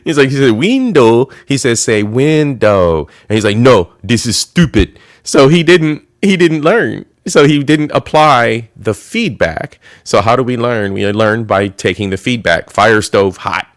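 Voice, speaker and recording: A man's voice: medium pitch, moderate pace, hardly any pauses, a bit bright, no echo, studio quality. A man hosting a live stream, reacting to a video and greeting viewers by name in a casual, chatty way. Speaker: stream host.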